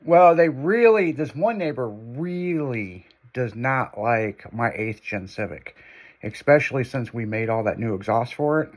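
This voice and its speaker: A man's voice: mid-range voice, animated, measured pace. Laid-back man chatting with lots of laughter. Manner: laid-back, laughs often, profane asides. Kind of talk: casual chat.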